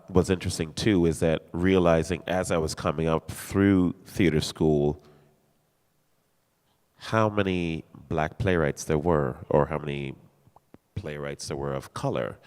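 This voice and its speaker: Male actor, very low voice, earnest and encouraging panel speaker; live hall echo. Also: a little mellow. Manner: earnest, encouraging, restarts phrases. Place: theater hall at a live talk. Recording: long reverb of a hall.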